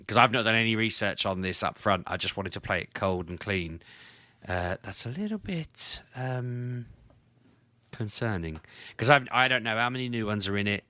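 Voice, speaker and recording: A man chatting on a gaming podcast in a lowish voice with a forceful, bright edge. He thinks out loud, stumbles over restarts and bursts into exclamations. The sound is dry and close. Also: smooth, no echo. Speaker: podcast host. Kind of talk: casual chat about video games.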